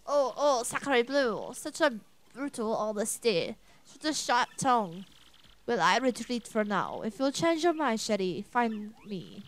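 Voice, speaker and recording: A woman voicing a suave, flirty man in a video game, with a mock French accent and a slow, crooning delivery. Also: sing-song. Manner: smooth, drawn-out, lower crooning.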